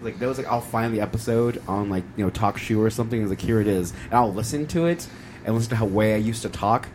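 A man's voice: lowish voice, fast, darkish tone, slight background noise. A man co-hosting a casual podcast chat, playful and fond of imitating people.

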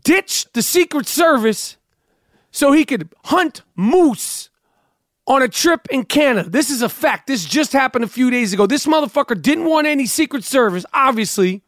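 A man's voice: very high voice, animated, moderate pace, fairly bright tone, no echo, studio quality. A man co-hosting a comedy podcast, ranting with profane disbelief in casual chat. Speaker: podcast co-host.

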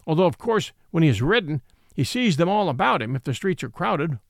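A man voicing a calm, sensible male horse in a storybook, speaking quietly and evenly. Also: fairly high pitch, a little fast, no room sound, clean studio sound.

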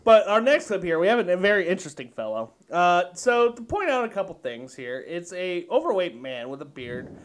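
A man's voice: high voice, big pitch swings, brisk, hardly any pauses. A man co-hosting a casual podcast, reacting to clips with crude jokes and frequent laughter. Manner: crude, joking, laughs often. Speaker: podcast co-host.

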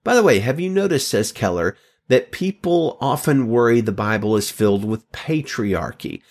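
Animated man giving a Bible talk. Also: medium pitch, normal speed. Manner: animated, emphatic, stretches key words. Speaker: Bible teacher.

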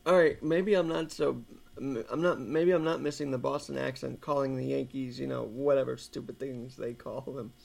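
Male co-host, heavy vocal fry, earnest opinion talk. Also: medium pitch, steady tone, normal speed, hardly any pauses, a little mellow. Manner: earnest, opinionated, building an argument. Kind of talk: casual political talk show chat.

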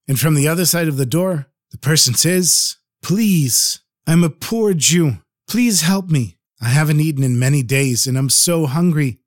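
A man with a fairly high voice tells a traditional folk tale in a gentle, earnest way. He drops in Hebrew and Yiddish words as he goes. The recording is dry and close. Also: no room sound. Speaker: storyteller. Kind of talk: storytelling narration.

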